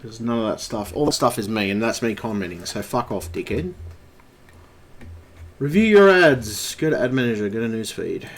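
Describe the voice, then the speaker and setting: A man's voice: mid-range voice, lively intonation, normal speed. A man live streaming at his computer, ranting angrily and swearing constantly. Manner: angry, profane ranting.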